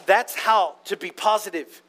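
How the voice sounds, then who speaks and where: A man's voice: sits high, a little slow, a bit bright. A man preaching a sermon in a conversational, playful way, often asking the congregation questions.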